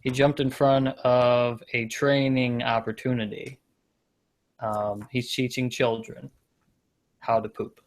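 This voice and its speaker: A man of middle pitch hosts a loose comedy show, joking his way through rambling stories. He wanders off his point and laughs at himself, keeping the banter casual. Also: little pitch movement, slow pace. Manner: rambling, self-deprecating, loses his point. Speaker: podcast host.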